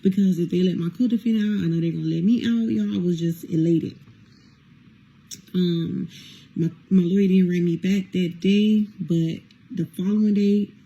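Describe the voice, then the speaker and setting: Gravelly-voiced woman telling a candid story. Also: on the low side, fairly even intonation, moderate pace, mellow, muffled recording. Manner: candid, addresses listeners as y'all, swears freely. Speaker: storyteller recounting prison time. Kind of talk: casual storytime monologue.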